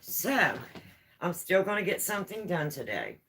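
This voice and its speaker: A woman's voice: on the low side, big pitch swings, moderate pace, fairly bright tone, rough recording. A woman vlogger chatting at home, telling homespun stories in a rambling, easygoing way. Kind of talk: casual storytelling chat.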